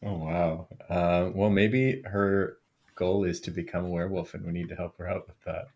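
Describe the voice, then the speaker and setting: A man's voice: sits low, little pitch movement, normal speed, a little mellow. A man playing a tabletop role-playing game, chatting casually and laughing often. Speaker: player.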